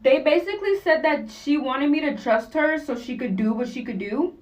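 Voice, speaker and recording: A woman's voice: high-pitched, normal speed, far from the mic, low-quality recording. A young woman telling a personal story to camera in blunt, slangy, profane casual talk. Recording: voice a bit off-mic.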